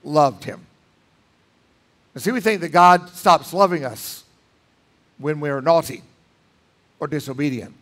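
Pastor guy preaching, high voice, swings loud to hushed for effect. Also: slow, pauses often. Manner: emphatic, dramatic swings between loud and hushed. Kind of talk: sermon. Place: church sanctuary.

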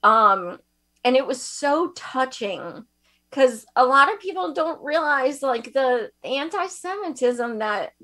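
Female co-host, slightly high voice, slow, laughs easily, chatty storyteller. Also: animated. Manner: laughs often, warm storytelling. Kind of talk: casual chat on a video call.

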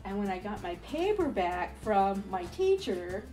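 A woman recounting a personal story of faith in an animated, storytelling interview. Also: medium pitch, measured pace, faint music behind. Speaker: interviewee giving a faith testimony.

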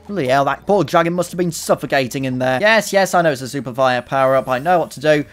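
A man doing sarcastic, profane, excitable commentary while playing a video game, recorded into a desk microphone. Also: mid-range voice, fast talker, hardly any pauses, faint music behind. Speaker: let's play commentator.

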